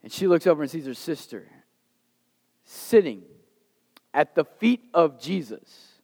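A man preaching a sermon in a conversational, animated storytelling way. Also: fairly high pitch, unhurried. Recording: reverberant hall.

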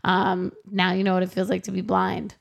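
A woman co-hosting a casual recap podcast, chatty and profane, slipping into quick voices for the characters. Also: fairly low pitch, completely flat delivery, vocal fry. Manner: chatty, swears, acts out characters in quick impressions. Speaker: podcast co-host recapping a TV episode. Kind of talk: casual chat.

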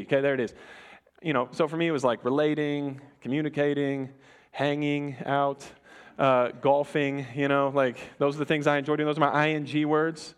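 Man, young adult, pastor, high-pitched, conversational sermon, animated, self-interrupting. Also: brisk, clean tone. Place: church before a congregation.

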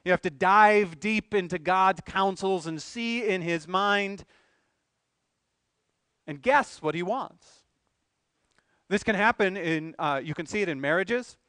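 A male pastor delivers an earnest sermon, posing rhetorical questions and building to emphatic swells. His voice sits high for a man and sounds smooth and resonant. The recording is dry, with little room sound. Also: slow, long pauses, sharp tone, no echo.

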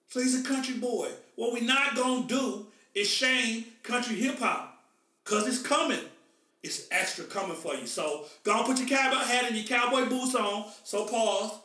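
Male podcast host from the Midwest, high and bright, animated and slangy, echoey distant room. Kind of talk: casual podcast chat. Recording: echoey room, mic far off.

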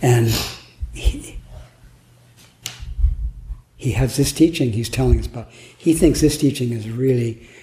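A man's voice: mid-range voice, a little slow, pauses often, mellow. Zen teacher guy rambling playfully at a retreat, echoey room. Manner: playful, laughing, musing aloud. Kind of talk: dharma talk at a retreat. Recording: echoey room, faint noise.

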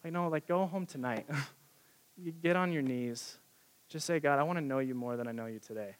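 A man's voice: fairly high pitch, fairly quick. A young man preaching a sermon in a conversational, earnest way, full of casual fillers, to an audience in a church hall. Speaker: pastor. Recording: long reverb of a church hall.

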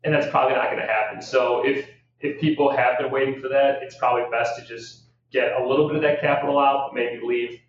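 A man offering his views as an interview guest in a measured, hedging way, often restarting his sentences. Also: mid-range voice, steady tone, slight background noise. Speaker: real estate guest. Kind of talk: casual podcast interview. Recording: distant mic in a very echoey room, dull.

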